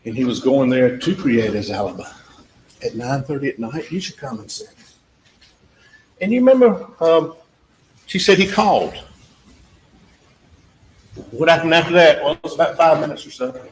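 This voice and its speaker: A man's voice: fairly high pitch, expressive, moderate pace, pauses often. A male trial attorney gives a closing argument in a courtroom, repeating points emphatically and talking straight to the jurors. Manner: emphatic, repetitive, talks directly to jurors, acts out witness exchanges. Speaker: trial attorney addressing a jury. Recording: echoey courtroom audio with faint background noise.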